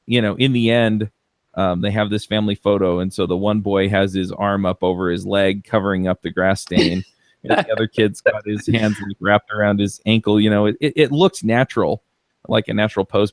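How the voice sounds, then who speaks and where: Podcast co-host, male, deep and dry, rambling casual delivery with fillers. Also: normal speed, no echo. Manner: relaxed storytelling with many fillers.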